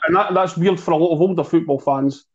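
Measured man on muffled podcast audio. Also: a little high, a little mellow, breathy edge. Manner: measured, thinking aloud with fillers. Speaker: co-host of a football show. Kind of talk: casual podcast chat.

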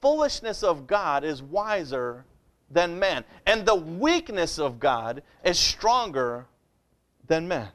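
A man with a notably high-pitched voice preaches a sermon. His delivery is conversational and direct, with frequent calls of "Amen?" to draw the congregation in. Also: big pitch swings, slow, fairly bright tone. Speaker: pastor.

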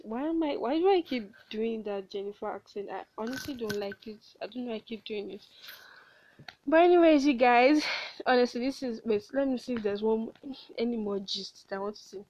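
A woman's voice: fairly high pitch, brisk, darkish tone, no echo. A young woman, hosting a candid solo podcast; she rambles, swears bluntly and laughs at herself. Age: late teens. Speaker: podcast host. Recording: dull, dry lo-fi home recording.

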